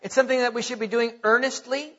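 A male pastor delivers a sermon with emphatic repetition and dramatic slowdowns. His voice sits very high and sounds bright and forceful. The recording is dull, with a long church reverb. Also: fairly even intonation. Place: church sanctuary.

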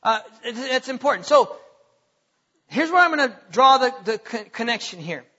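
A man preaches a sermon emphatically in a very high, sing-song voice that sounds pushed and bright, at a moderate pace. He repeats words as he builds his points and quotes scripture. The sound is dull and lo-fi, with long hall reverb.

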